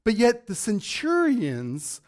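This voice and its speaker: A pastor teaches through a Bible passage in a relaxed, conversational sermon, pausing for fillers and side remarks. The man's voice sits high for a man, and it keeps going in and out.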